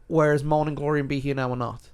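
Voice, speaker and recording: A man's voice: on the high side, fast, clear, resonant tone. Opinionated British man ranking songs. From United Kingdom. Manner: opinionated, animated, with many restarts. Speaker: podcast co-host. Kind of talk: casual chat ranking songs.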